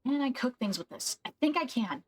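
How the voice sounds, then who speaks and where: A woman's voice: high-pitched, animated, fairly quick, a little hiss or hum. A woman streaming a game, thinking aloud and questioning herself as she works through a problem. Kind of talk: casual gameplay commentary.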